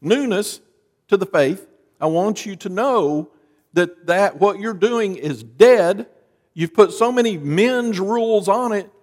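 Lively preaching man in a reverberant hall. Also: slow. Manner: dramatic preacher, lively rises and drops in pitch and volume. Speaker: pastor. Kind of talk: sermon. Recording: long reverb of a large hall.

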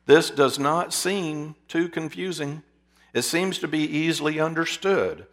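A man preaching a sermon, asking his listeners rhetorical questions and dropping to a hush for emphasis. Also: fairly high pitch, measured pace. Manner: drops to a hushed voice for emphasis.

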